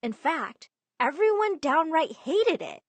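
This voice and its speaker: A young woman narrating her own story in first person, lively and putting on voices for family members. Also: high-pitched, takes it slowly, no room sound.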